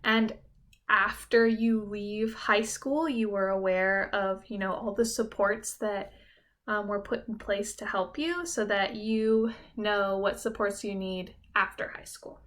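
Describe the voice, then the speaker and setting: A woman's voice: medium pitch, slow, a bit bright. A young adult woman teacher giving a recorded lesson, explaining things simply and patiently and often checking in with "okay?".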